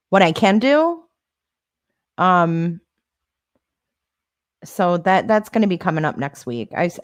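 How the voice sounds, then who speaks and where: A woman's voice: fairly low pitch, clean tone, dry recording, clean studio sound. A woman hosting a casual livestream, answering viewer comments in a sarcastic, defensive way. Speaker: livestream host.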